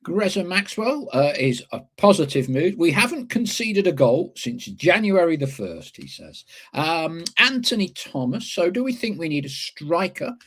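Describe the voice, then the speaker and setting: A man's voice: fairly high pitch, sing-song, moderate pace, fairly bright tone, slightly rough. A man hosting a casual live football podcast, reading out listener comments with chatty, wry asides between them.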